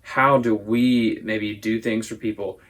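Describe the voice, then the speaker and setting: A man's voice: lowish voice, fairly even intonation, unhurried, fairly bright tone. A man teaching a Sunday school lesson, explaining at length in a casual, thoughtful way. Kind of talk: casual Bible discussion.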